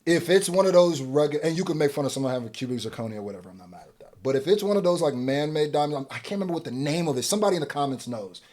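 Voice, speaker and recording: A man hosting a music reaction video, casually commenting and swinging from quiet musing to loud, excited rants. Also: fairly high pitch, very fast, hardly any pauses.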